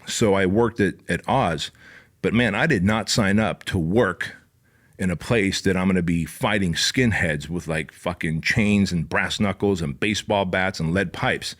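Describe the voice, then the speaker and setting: Man, podcast host, lowish voice, casual storytelling, emphatic, profane. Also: measured pace, fairly bright tone. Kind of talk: storytelling monologue.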